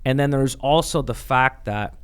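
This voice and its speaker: A man's voice: medium pitch, moderate pace, a bit bright, clear, resonant tone. A man from Canada co-hosting a political podcast, talking in a casual, chatty way and laughing often. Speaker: podcast co-host.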